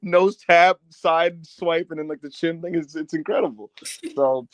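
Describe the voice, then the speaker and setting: A man co-hosting a wrestling podcast, telling stories in casual chat and loudly mimicking other fans. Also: on the high side, measured pace, dull audio. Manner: animated storyteller, loud impressions of fans. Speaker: podcast co-host. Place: in Newark.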